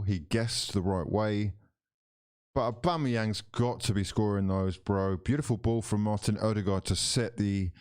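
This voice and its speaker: A man calls a football match live on his watchalong stream, moving between parody commentator chatter and loud, excited bursts. His voice sits on the low side, and the recording is dry and studio-clean.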